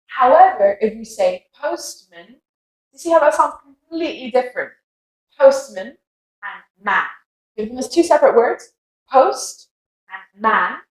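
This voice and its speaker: A woman's voice: a little high, echoey room, poor audio. A young British woman teaching English pronunciation, patiently modelling words and inviting listeners to repeat them. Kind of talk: pronunciation lesson.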